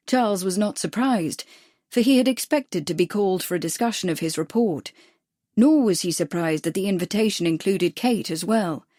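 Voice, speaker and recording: A woman's voice: medium pitch, mellow, no room sound, clean studio sound. Woman narrating a mystery audiobook. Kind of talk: scripted narration.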